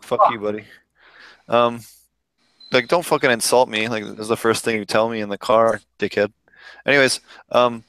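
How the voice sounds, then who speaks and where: A man's voice: mid-range voice, a bit bright, clear, resonant tone, dry recording. A man hosting a podcast in casual chat, ranting freely and swearing often. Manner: profane, ranting, loose and talkative. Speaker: podcast host.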